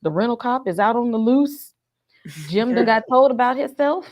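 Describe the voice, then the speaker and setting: A woman's voice: a little high, moderate pace, darkish tone. A woman co-hosting a live fan discussion, chatting casually and reading out viewer messages and thanks. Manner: reads super chats, thanks viewers. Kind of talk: casual live-stream chat.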